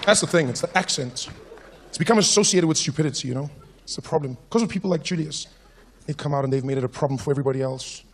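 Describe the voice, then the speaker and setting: A man with a South African accent doing stand-up comedy, animated, with lots of acted asides. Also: on the high side, fast talker, some chatter behind.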